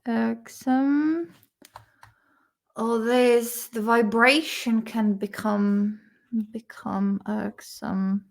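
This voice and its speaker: A woman's voice: on the high side, fairly even intonation, extremely slow, gravelly. A woman chatting casually while studying vocabulary, repeating words aloud and swearing and laughing freely. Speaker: English vocabulary vlogger.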